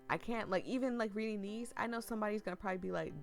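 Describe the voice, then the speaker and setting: A woman with a low voice who is losing her voice, reading a visual novel aloud with chatty, anxious asides and frequent stumbles. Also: quick pace, few pauses, soft background music. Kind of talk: chatty game commentary and narration.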